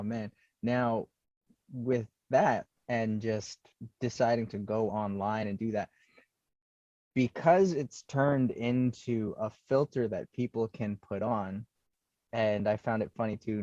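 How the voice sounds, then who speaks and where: A man from Toronto hosts a casual podcast interview with an easy, joking manner. His voice sits on the low side. The recording is dry and dull, like a cheap mic in a dead room. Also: no room sound. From Toronto, Canada. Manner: relaxed, jokey, affirming with "mm-hmm". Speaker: podcast host.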